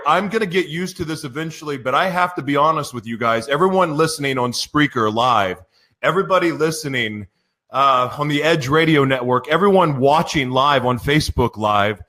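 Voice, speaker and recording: A man's voice: a little high, animated, normal speed, pushed and bright. A man hosting a live radio show, giddy and emotional, stumbling over his intros with laughs. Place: broadcast studio.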